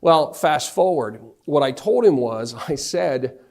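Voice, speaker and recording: Animated middle-aged male keynote storyteller. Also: a little high, takes it slowly. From North Carolina, US. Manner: animated, acts out the dialogue of his anecdotes. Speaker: motivational speaker.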